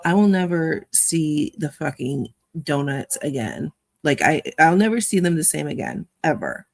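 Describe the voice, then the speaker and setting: A woman's voice: low-pitched, sing-song, measured pace, creaky, no room sound. A woman in a casual group chat, speaking bluntly and sounding disgusted.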